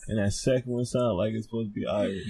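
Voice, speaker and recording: A young man on a casual podcast chat, ribbing the others in deadpan slang. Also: fairly low pitch, fast talker, over a noisy crowd.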